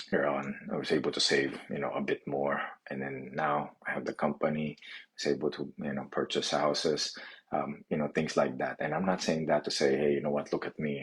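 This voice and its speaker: A middle-aged man from the Philippines telling his life story, halting and restarting often. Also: extremely low pitch, slightly rough. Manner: halting, many restarts and "you know" fillers. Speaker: physical therapy clinic owner. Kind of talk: personal story monologue.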